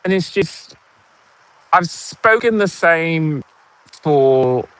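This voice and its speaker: A man's voice: on the high side, expressive, very slow, fairly bright tone, clean tone, dry recording. A man in his forties with a posh British accent, telling a sarcastic story in a casual vlog monologue. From United States. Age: 40s. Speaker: vlogger.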